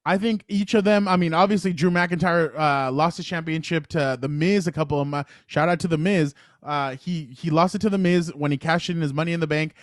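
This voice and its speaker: A man co-hosting a casual sports podcast, talking excitedly and rambling as he retells matches. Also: on the high side, a little fast, few pauses, no room sound, clean studio sound. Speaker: podcast co-host.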